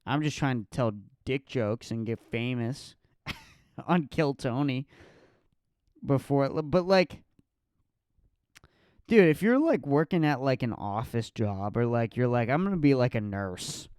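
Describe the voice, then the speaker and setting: A man in his twenties doing a solo comedic podcast rant, profane and mocking, sometimes jumping into a shrill voice to mimic others. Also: slow pace, pauses often, clear, resonant tone, no echo, studio quality. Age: 20s. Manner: profane, animated, mocking falsetto impressions.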